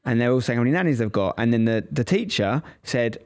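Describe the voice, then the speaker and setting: A man in his thirties, a podcast co-host in casual chat, telling lively anecdotes and acting out what others said. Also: medium pitch, normal speed, few pauses, clean tone. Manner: lively anecdotal storytelling, acts out quoted voices.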